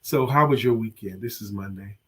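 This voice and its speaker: A man co-hosting a motivational show, talking slowly and softly while he recovers from an illness. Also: fairly low pitch, breathy edge. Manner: slow, tired, soft-spoken. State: sick, low energy, recovering from covid. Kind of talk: casual chat.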